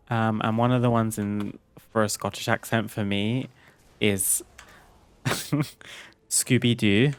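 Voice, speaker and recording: Streaming a video game, a man with a medium-pitched voice chats casually with his viewers, laughing often and reading the game's text aloud. There's no echo on the recording, and it's relaxed gameplay commentary.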